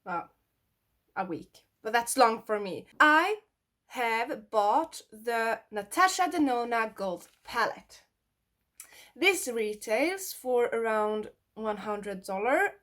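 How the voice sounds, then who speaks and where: Slow-talking Swedish-accented woman. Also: fairly high pitch, expressive, a bit bright. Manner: blunt, swears freely, chatty. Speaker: beauty vlogger. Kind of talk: casual makeup tutorial chat.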